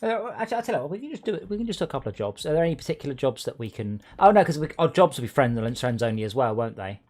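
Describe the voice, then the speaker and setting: A man's voice: a little high, expressive, very fast, a little mellow. A man streaming a video game with friends, chatting casually in a rambling, sweary way and often breaking off mid-sentence. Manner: rambling, sweary, self-interrupting. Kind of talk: casual gaming chat.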